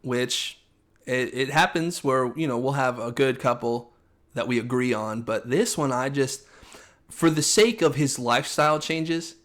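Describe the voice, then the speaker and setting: A young man co-hosting a casual chat, talking quickly and with strong opinions, often acting out what coaches say. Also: medium pitch, fairly bright tone. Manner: fast, opinionated, acts out coaches' lines in quotes. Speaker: podcast co-host.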